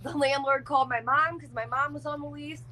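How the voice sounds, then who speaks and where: A woman tells her story in a casual, unfiltered way, cursing often and filling pauses with "like." Her voice is bright and a little high, with a faint hiss of noise behind it. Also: steady tone, low-quality recording. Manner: blunt and profane, heavy use of "like". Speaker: interview guest.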